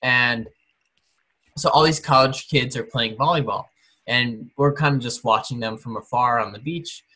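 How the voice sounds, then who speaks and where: A man co-hosting a casual podcast chat, telling a story in a relaxed way with fillers and imitating others. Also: mid-range voice, normal speed. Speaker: podcast co-host.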